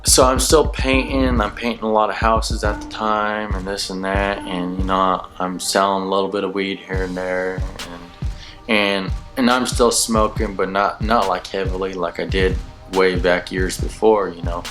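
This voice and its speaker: Low-voiced man telling his story casually. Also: level tone, normal speed. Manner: rambling, laid-back, many "you know" fillers. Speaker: channel host sharing his testimony. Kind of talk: casual personal testimony storytelling. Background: background music.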